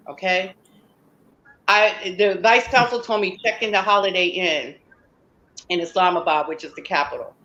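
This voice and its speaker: Woman guest telling her story hard and emphatic, bright sharp voice, kinda muffled lo-fi sound. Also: fairly low pitch. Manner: emphatic, acts out quoted dialogue. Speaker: interview guest. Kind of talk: personal storytelling in an interview.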